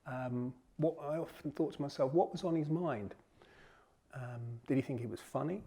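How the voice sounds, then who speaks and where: A man's voice: mid-range voice, normal speed, dark tone, breathy edge. Reflective man in his sixties. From Surrey, England. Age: 60s. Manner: reflective, storytelling. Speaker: interviewee. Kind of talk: reflective interview.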